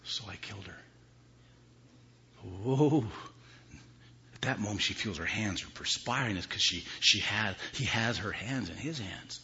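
A man preaching a sermon, swinging from hushed whispers to loud, high emphasis. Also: moderate pace, few pauses. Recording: dull lo-fi recording with faint ambience.

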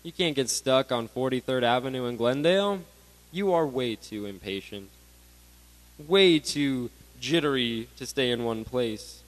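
A man in his twenties giving a sermon to graduates, animated, swinging between loud bursts and hushed asides. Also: medium pitch, unhurried, low-quality recording. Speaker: graduation speaker.

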